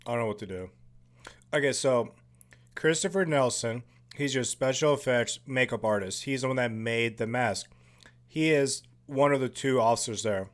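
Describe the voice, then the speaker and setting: Profane, excitable man doing movie commentary. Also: medium pitch, moderate pace. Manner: profane, excitable, jokey asides.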